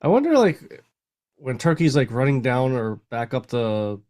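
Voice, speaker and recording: A man's voice: mid-range voice, big pitch swings, normal speed, mellow. A man chatting casually beside the host, teasing and laughing often. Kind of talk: casual chat.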